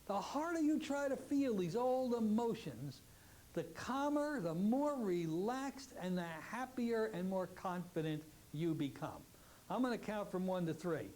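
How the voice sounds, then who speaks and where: A man teaching a hypnotherapy technique, giving slow, drawn-out suggestions and acting out the client's replies. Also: high-pitched, expressive, a little mellow, slight background noise. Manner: acts out client and part voices in quick exchanges. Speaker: hypnotherapy instructor. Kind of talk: teaching lecture with demonstrations.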